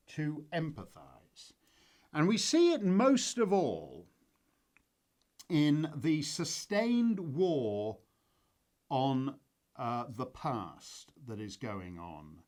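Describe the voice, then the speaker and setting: A man hosting his own commentary show, talking off the cuff in a rambling, wry way with many fillers and restarts. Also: a little high. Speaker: host. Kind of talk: casual spoken commentary.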